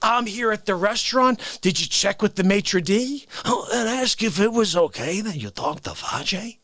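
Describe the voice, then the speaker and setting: A man's voice: sits high, expressive, moderate pace, sharp tone, no echo, heavily acted. A man voicing an indignant, negative ex-newscaster who talks in a huffy, self-important way. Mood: pompous. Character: indignant, negative middle-aged male ex-newscaster.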